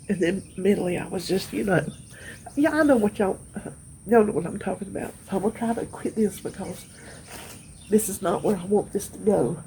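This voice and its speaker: A middle-aged woman vlogger chats to her viewers in a casual, rambling way, sounding tired and emotional with drawn-out pauses. Her voice is medium-pitched and mellow, with slight background noise.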